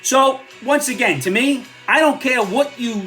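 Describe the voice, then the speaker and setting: A man's voice: very high voice, measured pace, sharp tone, faint music behind. An older man giving a blunt, sarcastic, opinionated rant on his own vlog. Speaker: vlogger. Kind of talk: ranting commentary vlog.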